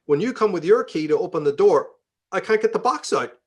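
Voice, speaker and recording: A man's voice: sits high, animated, a little fast, a little mellow, slightly rough. A man from Northern Ireland with a Belfast accent and a slightly raised voice. He is an interview guest telling stories in a loose, profane way. He slips into the voices of the people in his stories as he goes. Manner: profane, acts out quoted dialogue. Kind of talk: conversational storytelling.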